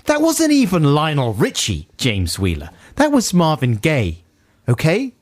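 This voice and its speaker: A man's voice: on the high side, huge pitch swings, measured pace, no room sound. A man co-hosting a radio show who teases and mock-scolds listeners while reading their jokes. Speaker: radio co-host. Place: radio studio.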